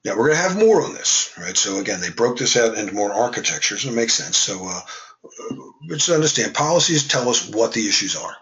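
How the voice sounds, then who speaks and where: A man's voice: lowish voice, big pitch swings, fairly quick, a bit bright, dull audio. A man teaching a class in a casual, conversational way, with joking asides. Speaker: instructor. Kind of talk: classroom lecture.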